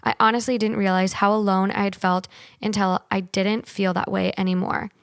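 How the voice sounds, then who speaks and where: A woman's voice: mid-range voice, little pitch movement, moderate pace, smooth, no room sound. Earnest young woman, dry close voice. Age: young adult. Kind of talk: scripted narration.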